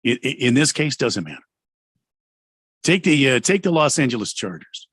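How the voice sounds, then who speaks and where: A man co-hosting sports talk radio, rambling and hesitating with many pauses. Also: medium pitch, very animated, fairly bright tone, breathy edge, no room sound, clean studio sound. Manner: rambling, hesitant, full of uh's. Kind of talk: casual sports talk banter.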